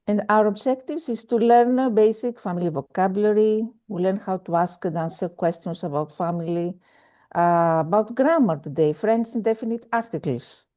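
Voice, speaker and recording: Woman, French teacher on a video call; slow, mellow, halting delivery full of fillers and repeated examples. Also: mid-range voice. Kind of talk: online language lesson.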